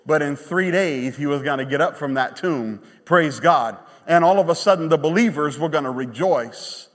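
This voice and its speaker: Pastor guy preaching, high voice, punchy then goes real quiet, big echoey church. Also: moderate pace. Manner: emphatic, animated preaching with sudden quiet drops. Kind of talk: sermon. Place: church sanctuary. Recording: long church reverb.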